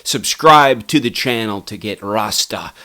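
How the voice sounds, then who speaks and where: A man voicing a laid-back guy in a put-on, deliberately bad Jamaican accent, tagging lines with "man". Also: fairly low pitch, sharp tone. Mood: jokey.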